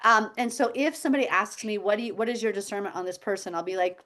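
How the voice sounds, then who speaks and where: A woman hosting a faith-based healthy-habits group on a video call, talking casually, teasing and slipping into high quoted voices. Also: fast, hardly any pauses, fairly bright tone.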